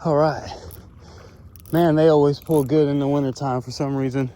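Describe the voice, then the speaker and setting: Guy out of breath reeling in fish, kinda high voice, says y'all a lot, faint outdoor noise. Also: moderate pace. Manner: excited, drawling, calls viewers y'all. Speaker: fishing vlogger. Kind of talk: casual outdoor narration to camera. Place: outdoors on the water, fishing.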